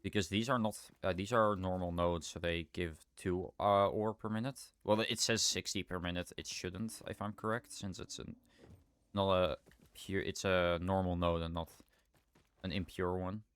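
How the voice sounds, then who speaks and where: A man's voice: low voice, steady tone, normal speed, fairly bright tone, clear, resonant tone. A young man streaming a game, thinking aloud in rambling casual commentary and often correcting himself. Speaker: livestreamer.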